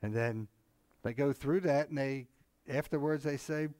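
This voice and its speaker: A man's voice: mid-range voice, a little slow, a little mellow, dry recording. A man co-hosting a casual Bible discussion, talking in a rambling, conversational way with many asides and frequent chuckles. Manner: chuckles often, mimics others animatedly. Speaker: Bible study co-host.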